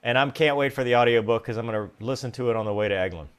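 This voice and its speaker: A man's voice: medium pitch, very fast, clear, resonant tone. A man hosting a live interview show over a video call, enthusiastic and casual. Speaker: podcast host.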